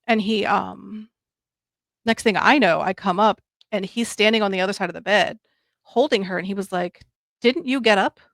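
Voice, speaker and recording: A woman's voice: medium pitch, moderate pace, creaky, a bit bright, no room sound, studio quality. A woman in her thirties, a podcast guest, telling a long story in a rambling way, with many ums and quoted lines of dialogue. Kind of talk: casual storytelling.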